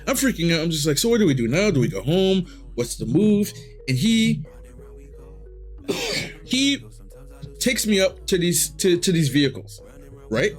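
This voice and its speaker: A young man streaming live, telling a long profane story in a casual, animated way and jumping into high excited voices when he quotes himself. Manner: animated, profane, jumps into high excited voices for his own past self.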